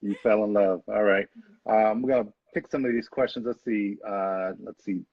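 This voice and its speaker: A man hosts a casual interview and reads viewer questions in an easygoing way. His voice is low and a bit husky. It comes through a dull, dry lo-fi recording. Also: steady tone, moderate pace, dry recording. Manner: laid-back, reading out viewer questions. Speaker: interview host.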